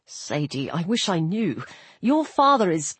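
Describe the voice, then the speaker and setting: A woman voicing a young male god who speaks low, soft and earnest. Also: expressive, unhurried, husky, dry recording. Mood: troubled. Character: young male jackal-headed god, grave and gentle.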